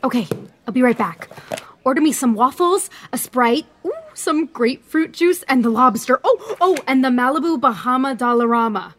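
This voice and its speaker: A young woman playing a naive, sheltered girl raised by nuns, talking with wide-eyed, breathless excitement in a comedic parody. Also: high-pitched, normal speed, a little hiss or hum. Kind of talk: comedic telenovela parody acting.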